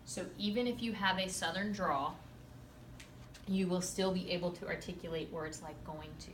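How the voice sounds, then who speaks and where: A woman in her thirties, a speech teacher, giving a lively, emphatic classroom lecture with playful asides to her students. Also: lowish voice, moderate pace, a little hiss or hum. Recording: echoey classroom from far off, faint ambience.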